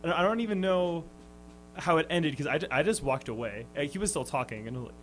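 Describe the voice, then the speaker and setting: A man's voice: a little high, animated, brisk, faint music behind, rough recording. A young man, a touring musician, telling a story on a radio show with lots of ums and restarts. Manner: hesitant, full of ums and restarts, laughing often. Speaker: touring band musician, guest. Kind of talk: casual storytelling in an interview. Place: radio studio.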